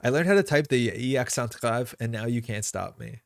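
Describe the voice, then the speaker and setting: Guy streaming a card game, mid pitch, dry close sound, thinking out loud with lots of uhs. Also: expressive, fairly quick, vocal fry, dry recording. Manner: thinking aloud, casual, with frequent fillers. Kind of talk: live gameplay commentary.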